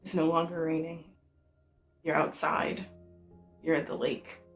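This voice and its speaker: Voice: mid-range voice, completely flat delivery, measured pace, faint music behind. A game master narrating a tabletop game in a loose, rambling way with many fillers.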